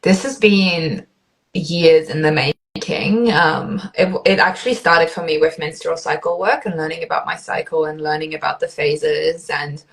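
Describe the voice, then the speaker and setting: Low-voiced woman coach, casual chat. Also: rough recording. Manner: animated, laughs, swears for emphasis. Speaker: coach, podcast guest.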